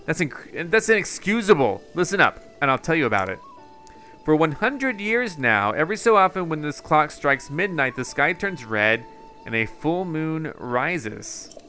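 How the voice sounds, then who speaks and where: Guy reading as a fussy scholar type, lecturing big and dramatic, bright voice. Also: fairly high pitch, big pitch swings, unhurried, faint music behind, exaggerated voice. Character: obsessive scholar of a mysterious phenomenon, indignant.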